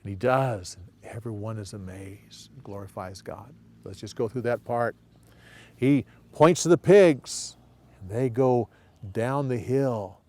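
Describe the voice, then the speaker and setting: A man's voice: medium pitch, unhurried. A man teaching a Bible story with hand gestures, repeating each part and acting out short quoted lines. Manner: repetitive, steady, acts out short quotes.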